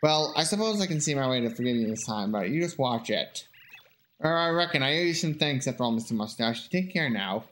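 A man's voice: medium pitch, expressive, a little fast, fairly bright tone, natural voice. Man voicing a cranky little bug with a folksy drawl, grumbling. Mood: scolding. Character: cranky folksy male bug, short-tempered.

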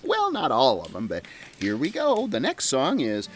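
A woman's voice: very deep voice, wildly swooping pitch, moderate pace, heavily acted. A woman voicing a cheerful female talking Christmas tree who leads a crowd, with a bubbly, giggly, sing-song manner, over jingle bell music. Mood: playful. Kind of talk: children's show character voice.

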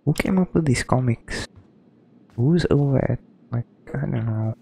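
A man's voice: medium pitch, a little slow, gravelly, warm tone, breathy edge. A man giving casual, rambling let's-play commentary, hesitant and full of ums. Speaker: gaming streamer.

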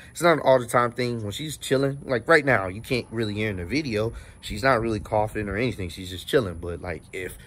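A man's voice: mid-range voice, fairly bright tone, a little hiss or hum. A man hosting his own vlog, talking casually and with exasperation, swearing freely. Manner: exasperated, profane, conversational. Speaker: vlog host. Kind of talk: casual rant to camera.

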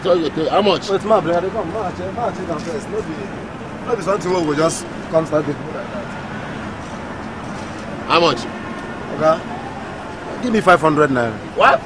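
An actor with a Nigerian accent playing a streetwise mechanic who haggles in Pidgin. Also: male voice, a little high, moderate pace, long pauses, very noisy, lightly acted. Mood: haggling. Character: streetwise male mechanic haggling over price.

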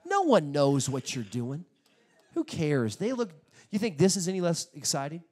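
A male pastor preaching a sermon, telling stories in an animated way, acting out quotes and bursting out loudly at times. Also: a little high, moderate pace, husky. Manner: animated storytelling with sudden loud bursts; acts out quotes in his stories.

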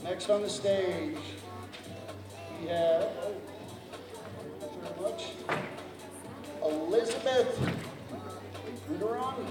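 Hosting a cosplay contest live in a big convention hall, a man jokes around and trips over contestants' names, asking the audience for help. His high voice is expressive and slow, with long pauses. The echoey hall is recorded from far away, with music and a cheering crowd behind him.

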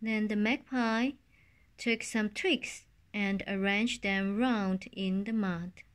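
A woman reading a children's story aloud in a calm, unhurried storybook manner. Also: mid-range voice, clean tone.

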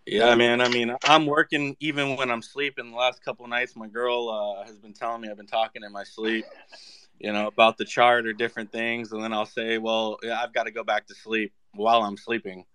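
A man's voice: mid-range voice, little pitch movement, brisk, sharp tone. A man leading a crypto project, chatting casually on an online call and often repeating phrases as he talks.

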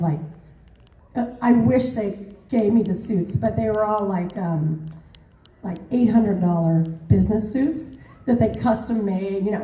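Brief: woman voice actor at a fan panel, lively and laughing, mellow voice, recorded far off in a big echoey hall. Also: medium pitch. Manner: animated, laughing, lots of fillers. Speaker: voice actor and convention guest. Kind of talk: storytelling at a convention panel. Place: large convention hall. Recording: roomy hall, mic far off.

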